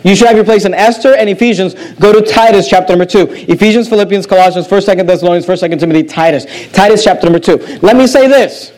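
Male pastor, high voice, emphatic sermon delivery with repeated phrases. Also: fast, hardly any pauses, rough recording. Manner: emphatic preacher with sharp pitch drops and repetitions.

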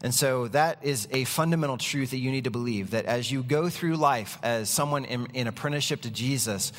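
A man's voice: mid-range voice, brisk, long reverb tail. A man preaching a sermon as pastor, in a conversational, emphatic way. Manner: conversational, emphatic preaching with object-lesson props.

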